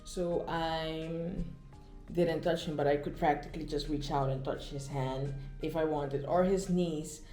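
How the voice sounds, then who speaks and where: Woman vlogger telling a story real slow, mellow low-ish voice, roomy echo and faint music behind. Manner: chatty, animated, many fillers and acted-out quotes. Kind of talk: casual storytime chat. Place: outdoors, walking in the Netherlands.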